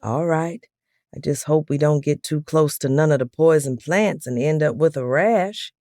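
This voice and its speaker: A man's voice: fairly high pitch, normal speed, darkish tone, no room sound, studio quality, close to an everyday voice. A woman doing a whiny, teasing husband. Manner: whiny, joking.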